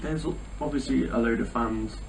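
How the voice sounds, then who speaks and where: Young male co-host, mid-pitched, with dry wry asides. Distant mic, faint hiss. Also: moderate pace, vocal fry, a little mellow. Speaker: podcast co-host. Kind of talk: casual chat.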